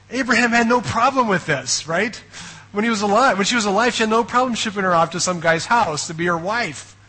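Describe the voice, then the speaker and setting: A pastor delivers a sermon with animated storytelling, his voice high-pitched and husky. He keeps it conversational, checking in with listeners through frequent rhetorical questions.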